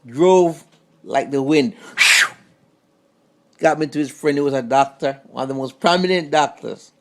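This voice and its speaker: A man telling a personal story about his grandfather straight to camera, in a casual, halting way that repeats words. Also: a little high, a little mellow. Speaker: vlogger.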